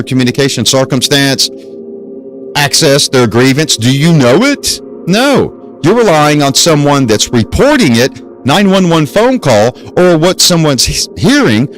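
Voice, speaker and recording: Guy doing a solo podcast lecture, really lively up and down voice, keeps asking questions and repeating himself. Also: mid-range voice, rough recording. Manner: emphatic, repetitive, rhetorical questions. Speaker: podcast host. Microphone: desk mic on a stand.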